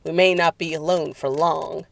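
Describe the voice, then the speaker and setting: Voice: mid-range voice, fairly even intonation, normal speed, vocal fry, no room sound, lightly acted. A narrator voicing a tough female bounty-hunting boss in a spoken story, giving blunt orders. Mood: commanding. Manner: commanding, blunt.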